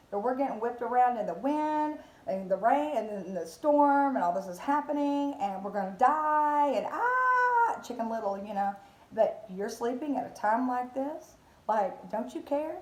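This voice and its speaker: A woman's voice: fairly high pitch, warm tone, echoey room, natural voice, rough recording. A woman voicing panicked disciples pleading in a storm, frantic and pleading.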